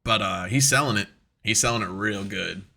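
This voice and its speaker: A man co-hosting a podcast in casual chat, talking excitedly and profanely and acting out quotes as he goes. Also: lowish voice, moderate pace, vocal fry. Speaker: podcast co-host.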